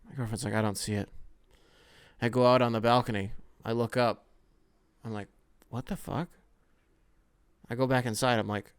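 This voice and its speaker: A young man hosting a casual solo podcast, rambling and profane, with sudden loud outbursts. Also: mid-range voice, expressive, fast talker, no echo, clean studio sound. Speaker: podcast host.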